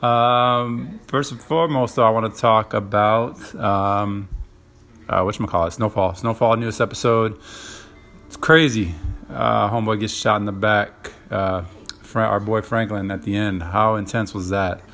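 A man's voice: fairly low pitch, fairly even intonation, unhurried, creaky, fairly bright tone. A young man hosting a casual solo podcast, rambling with lots of fillers and profanity. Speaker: podcast host.

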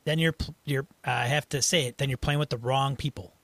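Relaxed man hosting a podcast. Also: mid-range voice, brisk, no echo. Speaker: podcast host. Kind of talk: casual chat.

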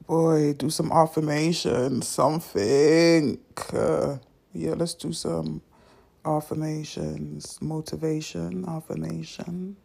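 Gravelly low-voiced woman, slow. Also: level tone, warm tone. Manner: rambling, self-mocking, drops into whispers. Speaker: vlogger. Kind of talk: casual unedited vlog. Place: at home.

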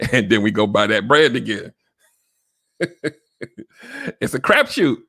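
A man's voice: fairly low pitch, big pitch swings, slow pace, sharp tone, slightly rough, dry recording, clean studio sound. A man hosting a solo relationship-advice podcast, talking casually and directly to listeners, often checking in with "right?". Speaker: podcast host.

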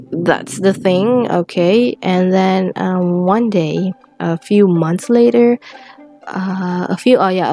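A teenage girl telling a personal story in a rambling, halting way with many restarts, close to tears at times. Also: fairly low pitch, warm tone. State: tearful at times.

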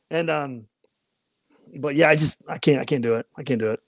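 A man in casual chat, telling animated stories, laughing often and acting out other people's voices. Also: mid-range voice, brisk, dry recording, clean studio sound.

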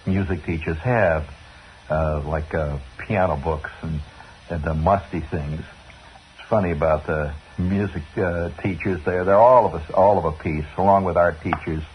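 A man's voice: low-pitched, fairly even intonation, measured pace. A man hosting a radio show, telling a long, digressive story in a chatty way with chuckling asides. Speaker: radio host. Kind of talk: rambling storytelling monologue. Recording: dull old radio broadcast with faint hiss.

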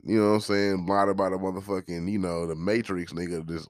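Low-voiced man ranting profanely. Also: little pitch movement, brisk, hardly any pauses, dry recording, studio quality. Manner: profane, heated and joking, breaks into laughs. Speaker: podcast host. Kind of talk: casual podcast rant.

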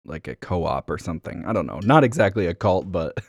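Hesitant low-voiced man from New York. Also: very animated, normal speed, dry recording. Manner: hesitant, full of fillers, wry. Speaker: podcast co-host. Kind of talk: casual chat.

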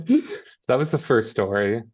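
A man's voice: mid-range voice, very animated, measured pace, darkish tone, lo-fi sound. A man casually recapping a TV episode with a co-host, rambling and quoting characters in mock voices. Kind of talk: casual chat.

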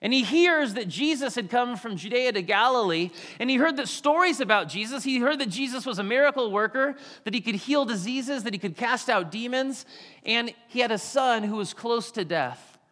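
A man preaching a sermon, animated, acting out quotes and questions. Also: extremely high pitch, moderate pace. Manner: animated, acts out quotes in varied voices. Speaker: pastor. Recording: long hall reverb.

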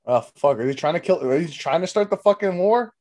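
A young man with a notably high voice hosts a casual comedy podcast. He riffs loudly, swears constantly and keeps the banter going. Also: lively intonation, brisk. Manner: loud, profane, joking banter. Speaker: podcast host.

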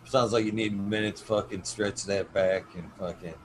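A man's voice: on the low side, steady tone, moderate pace. A man hosting a long livestream show, talking casually, swearing often and chuckling as he signs off. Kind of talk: casual chat. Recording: noisy background hiss.

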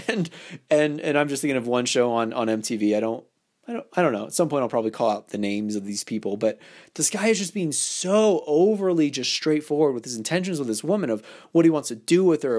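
A man's voice: mid-range voice, darkish tone. A man hosting a casual advice podcast, talking playfully and acting out the lines he quotes, with many restarts. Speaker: podcast host.

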